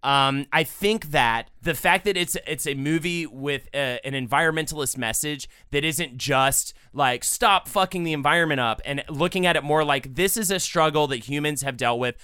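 Bright, clear-voiced male podcaster. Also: on the high side, normal speed, few pauses, no echo, studio quality. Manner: rambling, hesitant, many restarts. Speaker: podcast co-host. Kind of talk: casual film discussion.

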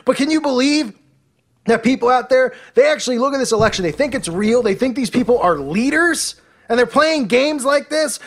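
A man's voice: very high voice, expressive, a little fast. A man delivering an indignant, preachy rant full of rhetorical questions, played as a clip. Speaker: talk show host. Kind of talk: ranting monologue, played clip.

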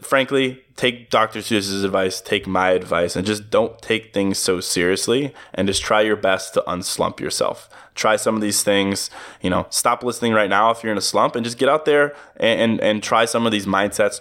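A man's voice: lowish voice, fairly bright tone. A young adult man hosting a solo motivational podcast, casual and upbeat, often chuckling at his own jokes. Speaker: podcast host.

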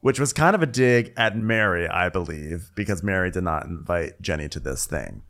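A man's voice: deep voice, animated, moderate pace, a bit bright. A man co-hosting a podcast, casually recapping a reality show scene by scene. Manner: chatty, recounts scenes with quoted bits. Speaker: podcast co-host.

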